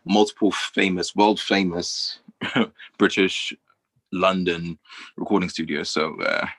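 Deep-voiced man, measured and laughing. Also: fairly bright tone, dry recording. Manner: measured and reflective, laughs easily. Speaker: podcast co-host. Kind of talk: casual chat.

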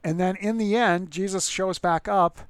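A man's voice: sits high, steady tone, moderate pace, clear, resonant tone, no echo. A man preaching as a pastor in a casual, conversational way, often restarting words and acting out the people in the story. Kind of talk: conversational sermon.

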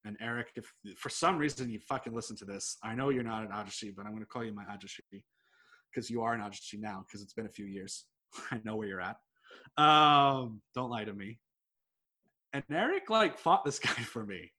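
A man's voice: fairly low pitch, fairly quick, pushed and bright. Rambling man telling a story. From United States. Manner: rambling, storytelling, swears freely, fillers like "like". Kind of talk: casual chat.

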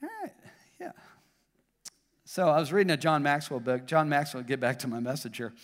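Southern male pastor, high-ish voice, preaching in a hall with long reverb. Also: animated, normal speed. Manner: preaching with rising and falling intensity, joking with the congregation. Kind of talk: sermon. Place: church auditorium.

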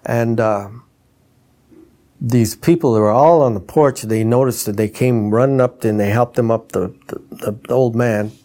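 A man's voice: mid-range voice, measured pace. An older man, a retired trumpeter and instrument designer, telling stories and acting out the voices in them. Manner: animated, mimics voices in quoted dialogue. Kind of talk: anecdotal storytelling.

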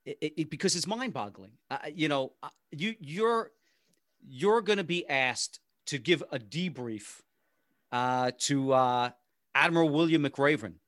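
A man's voice: a little high, animated, measured pace, a bit bright, no echo, studio quality. A man hosting an interview, rambling and restarting his sentences as he sets up his question to the guest. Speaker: podcast host. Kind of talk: casual interview chat.

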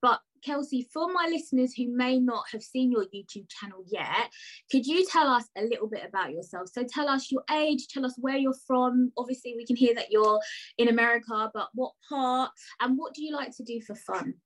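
Brief: chatty British woman podcast host, slightly high voice. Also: moderate pace, low-quality recording. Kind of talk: casual interview chat.

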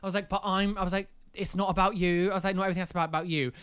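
A man's voice: sits high, little pitch movement, racing, a bit bright, clean tone. A man in a casual podcast chat, animatedly telling a personal story, quoting himself over and over and swearing freely. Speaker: podcast co-host.

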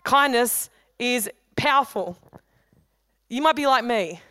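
Woman pastor, smooth clear voice, dry close sound, chatty joking sermon delivery. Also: on the high side, lively intonation, pushed and bright, no echo. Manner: conversational, humorous preaching with quick asides. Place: church hall.

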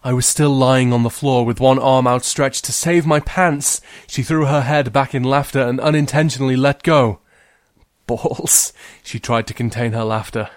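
A man's voice: mid-range voice, fairly even intonation, moderate pace, few pauses, no echo, studio quality. Wry man reading stories. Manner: wry, gently humorous. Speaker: librarian storyteller host. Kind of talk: reading a story aloud.

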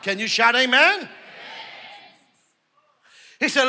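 A man preaching a sermon who shouts call-and-response lines to the congregation, then drops to a quiet storytelling tone. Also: very high-pitched, very animated, slow, long pauses, faint music behind. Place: church service.

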